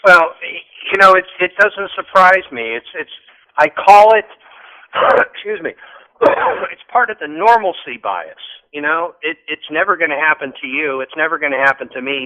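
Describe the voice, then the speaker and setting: A man calling in to a political talk show, speaking in an animated, rambling way with repeated restarts. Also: on the high side, moderate pace. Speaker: call-in guest. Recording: muffled phone line.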